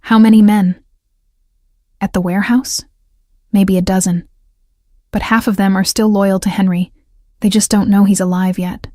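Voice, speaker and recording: Woman reading as a gruff mafia enforcer. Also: mid-range voice, flat delivery, normal speed, long pauses, warm tone, no room sound, clean studio sound, lightly acted. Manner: gruff, terse. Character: rough, hulking male mafia enforcer.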